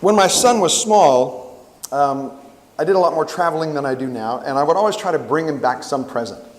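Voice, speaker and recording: Middle-aged male camp preacher, animated storyteller, slightly high pitch, echoing hall. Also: a little fast. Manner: animated storyteller, acts out quotes. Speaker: camp worship speaker. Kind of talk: storytelling sermon. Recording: long hall reverb.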